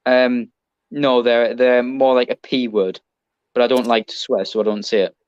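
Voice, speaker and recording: A man's voice: mid-range voice, flat delivery, moderate pace, darkish tone, smooth. Rambling young English man, lo-fi. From Britain. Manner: rambling, chatty, lots of ums and restarts. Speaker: podcast guest. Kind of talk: casual chat.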